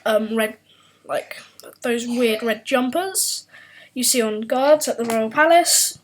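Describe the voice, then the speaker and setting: A woman's voice: a little high, slow, poor audio. A woman hosting a comedic culture explainer, delivering a scripted script in a wry, self-mocking tone. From United Kingdom. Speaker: host.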